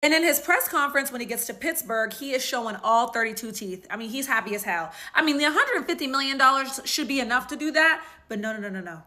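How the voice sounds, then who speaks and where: Bright, animated woman commentating. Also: sits high, quick pace, few pauses. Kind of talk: casual commentary.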